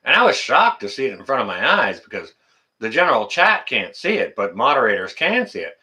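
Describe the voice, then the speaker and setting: A man's voice: medium pitch, big pitch swings, fairly quick, bright, forceful tone. A man hosting a casual livestream, talking to viewers in the chat by name and ranting indignantly, often repeating his phrases. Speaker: livestream host.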